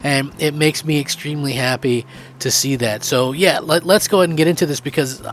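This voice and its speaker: A man hosting a gaming channel, giving excited, rambling opinion commentary with lots of fillers. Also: fairly high pitch, brisk, a little hiss or hum.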